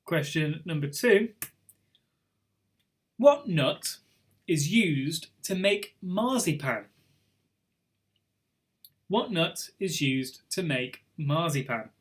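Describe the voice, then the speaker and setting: A young man hosts a pub quiz, reading questions and drifting into rambling asides with little chuckles. His voice sits a touch higher than most men's. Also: expressive, drawn-out words, pauses often. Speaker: quiz host. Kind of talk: live online pub quiz hosting.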